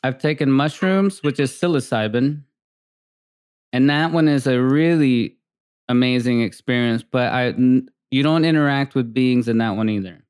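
Rambling man with a smooth voice. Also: medium pitch, normal speed, dry recording, clean studio sound. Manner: rambling, animated storytelling with many fillers. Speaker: podcast co-host. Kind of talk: casual chat.

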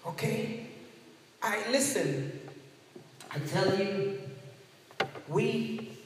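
High-voiced preacher in an echoey hall. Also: male voice, lively intonation, very slow. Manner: emphatic, repeats key words. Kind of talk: sermon. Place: church sanctuary. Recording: echoey church hall, distant mic.

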